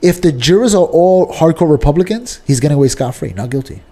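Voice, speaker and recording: A man with a New York accent, co-hosting a casual podcast debate, arguing his point, often clearing his throat and restarting sentences. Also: on the high side, lively intonation, fairly quick, dark tone. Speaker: podcast co-host.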